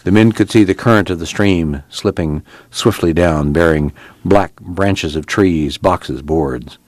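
Male narrator reading a novel, low voice, dry and even. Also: no echo. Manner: steady, measured reading. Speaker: audiobook narrator. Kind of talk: scripted narration.

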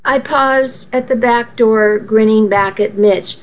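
Brief: woman narrating a novel, slow and intimate, dull lo-fi recording. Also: fairly high pitch. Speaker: audiobook narrator. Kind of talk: first-person novel narration. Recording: slightly muffled lo-fi audio.

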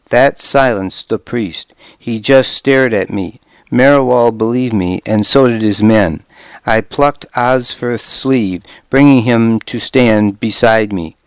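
A man narrating a story in the first person, in a measured, steady storytelling manner, on a close studio microphone. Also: medium pitch, clear, resonant tone, dry recording. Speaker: audiobook narrator.

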